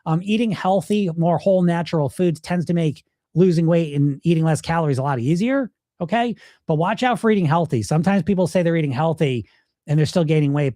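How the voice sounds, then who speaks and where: A man's voice: fairly high pitch, warm tone, dry recording, studio quality. A middle-aged man coaching viewers on weight loss in a casual live Q&A, blunt and emphatic, swearing freely.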